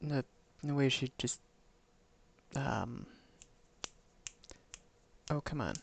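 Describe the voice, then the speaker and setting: A man's voice: medium pitch, very slow, creaky, slightly rough. A man streaming a game live, musing to himself in casual commentary and hunting for the right words.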